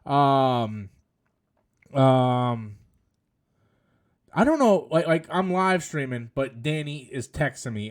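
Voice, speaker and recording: A man's voice: mid-range voice, big pitch swings, slow, pauses often. A man in his thirties hosting a live stream, chatting casually and rambling as he reads viewer messages. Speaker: host.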